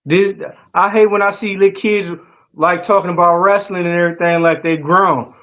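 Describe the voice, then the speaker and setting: A man with a high voice for his sex, co-hosting a wrestling review chat. He talks emphatically and in slang. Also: fairly even intonation, normal speed, fairly bright tone. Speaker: podcast co-host.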